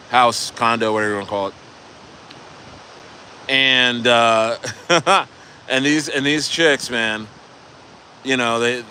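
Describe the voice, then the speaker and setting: Rambling, bright-voiced male vlogger. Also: mid-range voice, a little hiss or hum. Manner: rambling, profane, many restarts and "bro". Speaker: crypto vlogger. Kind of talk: casual rambling storytelling. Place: vacation condo.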